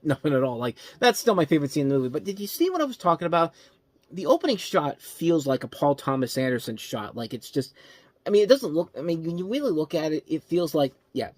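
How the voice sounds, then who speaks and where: A man's voice: mid-range voice, no room sound. A man hosting a movie review show, talking casually and rambling, often restarting his sentences. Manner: rambling, self-correcting, enthusiastic.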